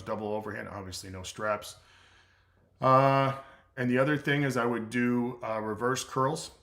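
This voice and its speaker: A man's voice: mid-range voice, fairly bright tone. A middle-aged man from the United States, a strength coach answering viewer questions on a casual livestream in a blunt, repetitive way, with many filler sounds. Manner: blunt, repeats himself, lots of "uh" fillers.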